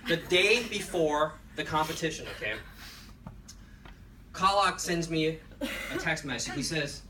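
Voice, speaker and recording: A man telling a lively story to an audience at a lunch talk, often checking in with "okay". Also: on the high side, unhurried. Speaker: presenter. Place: lecture room. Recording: echoey room, far mic, noisy.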